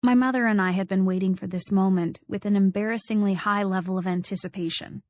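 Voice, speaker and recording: A woman narrating a first-person audiobook, telling the story in a measured, wry way. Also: mid-range voice, fairly even intonation, darkish tone, no echo.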